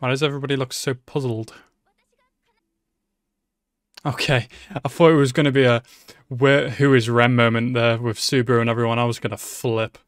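An anime reaction channel host gives emotional live commentary on an anime, swearing freely and talking back to the screen. His medium-pitched voice is flat and fairly quick with long pauses, recorded in studio quality with no echo.

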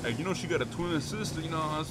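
A man's voice: a little high, quick pace, noisy background. Slangy hyped young man streamer. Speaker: streamer in role-play. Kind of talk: casual role-play banter.

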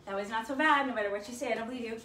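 High, bright encouraging woman fitness instructor. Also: rapid-fire, recorded from a distance, slight background noise. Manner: encouraging, counts reps out loud with upbeat cheers. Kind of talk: home workout class, counting reps. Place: her home, echoey room. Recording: echoey room, mic from afar.

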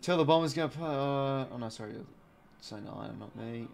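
A fast-talking Australian man with a medium-pitched voice hosts a live football watch-along. It's casual commentary mixed with chat: he reads viewer comments aloud and lights up when someone scores.

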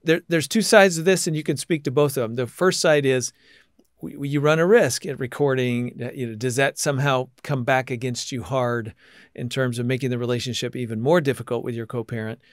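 A male podcast host with a mid-range voice, setting up questions for his guests at length and in a steady, measured manner. The sound is dry and close, with almost no room around it. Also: mid-range voice, dry recording. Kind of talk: interview.

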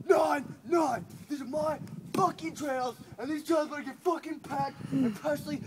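A man in a mock drill-sergeant rant, shouting profane orders outdoors. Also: very high voice, steady tone, normal speed. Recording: loud background noise.

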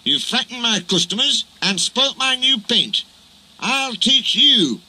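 A man's voice: fairly high pitch, very animated, slow, slight background noise, heavily acted, poor audio. A man voicing a cross, fussy male barber who grumbles. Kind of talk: storybook reading. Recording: loud music underneath.

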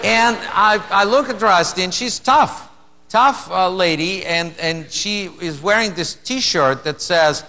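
Russian guy doing standup, high bright voice, slow and drawn out, echoey theater with faint hum. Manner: storytelling with acted quotes, halting restarts. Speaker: stand-up comedian. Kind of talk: stand-up comedy routine. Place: theater stage. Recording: live venue with long reverb, faint hum. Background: audience laughter.

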